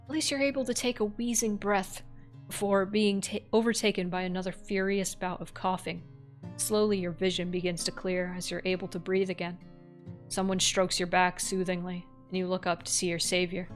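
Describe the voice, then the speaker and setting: A woman's voice: on the low side, steady tone, normal speed, faint music behind. A woman streamer reading a horror text game aloud, breaking off for wry, offhand comments.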